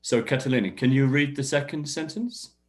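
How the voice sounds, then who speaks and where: A man teaching an online English workshop, encouraging learners and modeling sentences with clear stress. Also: mid-range voice, fairly quick. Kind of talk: online class instruction.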